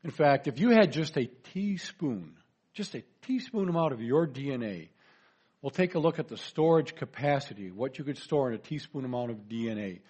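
A man's voice: mid-range voice, animated, normal speed, a little mellow, slightly rough. A man giving a chatty presentation lecture, joking with his audience. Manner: chatty, folksy, jokes to the audience.

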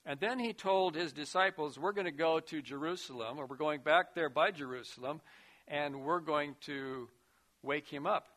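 A man preaching a sermon, earnest, rising to loud emphasis and dropping to a hushed voice. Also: a little high, moderate pace. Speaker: pastor.

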